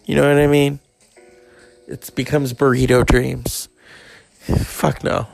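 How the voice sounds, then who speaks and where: A man's voice: flat delivery, slow pace, creaky, no echo, faint music behind. A man in his forties rambling and ranting in a profane monologue, often swearing and mocking people. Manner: ranting, swearing, mocking others in high put-on voices.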